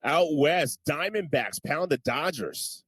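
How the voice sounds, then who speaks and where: A man anchoring a sports news roundup, reading scripted highlights in a brisk, even delivery. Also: slight background noise.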